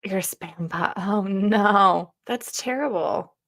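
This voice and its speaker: A woman's voice: mid-range voice, takes it slowly, fairly bright tone. A woman co-hosting a casual livestream, chatty, laughing and swearing easily. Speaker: co-host of a livestream.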